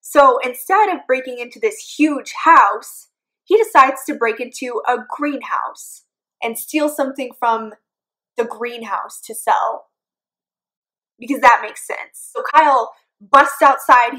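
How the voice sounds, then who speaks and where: A woman's voice: a little high, unhurried, sharp tone, low-quality recording. A young adult woman giving a casual, sarcastic book summary with jokey asides. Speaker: book reviewer.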